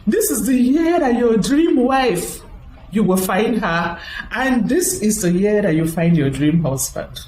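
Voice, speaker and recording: Lively woman telling a story in an echoey room. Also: mid-range voice, unhurried, slight background noise. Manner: acts out quoted voices, lively and chatty. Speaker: motivational speaker. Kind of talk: storytelling address to an audience.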